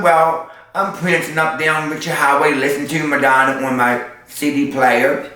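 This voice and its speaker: A man's voice: a little high, fairly even intonation, normal speed, pushed and bright. A man who works as a street performer, telling stories in an interview in a sassy way and using sound effects. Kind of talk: storytelling interview. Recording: echoey, mic far off.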